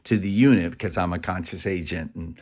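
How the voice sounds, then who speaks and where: Husky deep-voiced man, rambling animatedly. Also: a little fast. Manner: animated, acts out quoted voices, drops to whispers. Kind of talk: rambling spiritual monologue.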